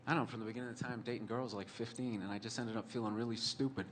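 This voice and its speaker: A man's voice: mid-range voice, fairly even intonation, very fast, a little hiss or hum. A man telling a long personal story in a rambling, profane, sardonic way, full of fillers like "like" and "you know". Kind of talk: storytelling monologue.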